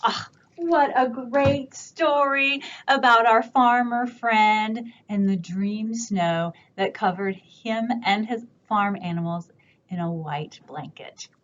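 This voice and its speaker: A woman librarian leads a children's storytime at a slow, gentle pace, coaxing little listeners with questions. Her voice sits fairly high. The camera audio is dull and lo-fi with a faint hiss behind. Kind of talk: virtual children's storytime reading. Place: library room, indoors. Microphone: camera on a stand.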